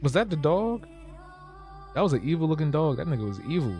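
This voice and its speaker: A man's voice: on the high side, very animated, a little fast, a little mellow, soft background music. A man streaming live while he draws cartoons, joking and reacting to his chat as he thinks aloud.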